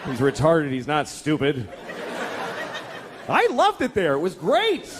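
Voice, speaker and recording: A man's voice: a little high, huge pitch swings, slow pace. A man doing a stand-up comedy set, telling stories in a profane, exasperated way. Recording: live club with audience laughter and noise. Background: crowd laughing.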